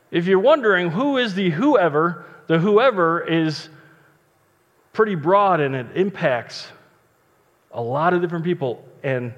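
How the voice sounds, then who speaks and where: Joking pastor preaching in a reverberant hall. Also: male voice, fairly high pitch. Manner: chatty, joking asides, conversational. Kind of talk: casual sermon with Bible reading. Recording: long reverb, dull lo-fi sound.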